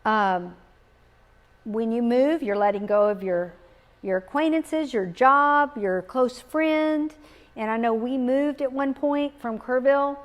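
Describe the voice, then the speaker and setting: Earnest middle-aged woman on grief. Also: a little high. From Texas. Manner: earnest, reflective, with pauses and repeated phrases. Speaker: speaker on grief. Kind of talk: gentle spoken talk on grief. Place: live talk in a community setting.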